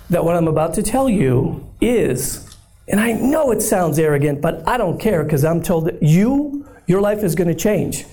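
A hoarse man giving an animated, joking sermon-style talk as a guest speaker at a church, often checking in with the room. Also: high-pitched. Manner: animated and conversational, often asking the room "right?"; bold, upbeat and joking. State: hoarse, voice nearly gone.

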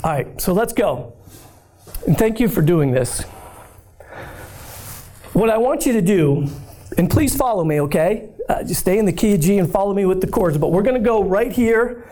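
Hoarse man preaching with lively energy. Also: sits high, normal speed, long pauses. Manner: animated and conversational, often asking the room "right?"; bold, upbeat and joking. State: hoarse, voice nearly gone. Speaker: guest speaker at a church. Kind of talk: lively sermon-style talk.

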